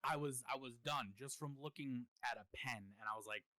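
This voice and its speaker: Podcast host guy, talks it through earnestly, swears, bright dry voice. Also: medium pitch, moderate pace, no room sound, poor audio. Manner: earnest, explains at length, profane, restarts phrases. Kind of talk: casual chat.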